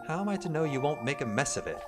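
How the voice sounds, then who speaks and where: A man voicing a stern, sharp-tongued young woman who scolds and threatens, read from game dialogue. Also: a little high, very animated, racing, music in the background, pitched above the performer's own voice. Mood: scolding. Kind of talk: reading game dialogue aloud.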